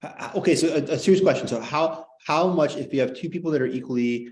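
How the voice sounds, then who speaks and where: A man's voice: fairly high pitch, fast, a little mellow, rough recording. A man teaching a class in casual lecture style, rambling and joking, heavy on filler words, in a classroom.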